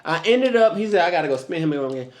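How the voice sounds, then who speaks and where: A man's voice: on the high side, fast, roomy sound, a loud crowd. A man co-hosting a talk show, reading listener love stories aloud and teasing along the way. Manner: animated, teasing, breaks into laughter. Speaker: co-host.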